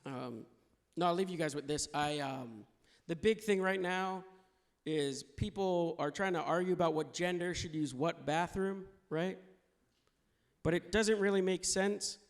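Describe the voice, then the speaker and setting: A man's voice: on the high side, unhurried. A man performing a stand-up comedy set on stage, laughing at his own jokes and acting out the voices of people he quotes. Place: comedy club stage with audience. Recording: audience laughter and noise in room.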